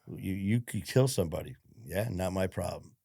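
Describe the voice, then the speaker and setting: A man's voice: sits low, normal speed, vocal fry, warm tone, slightly rough, no echo, clean studio sound. A man, a former cop and podcast guest, telling his story in a frank, rambling, profane way full of fillers. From Detroit, USA. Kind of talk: casual storytelling interview.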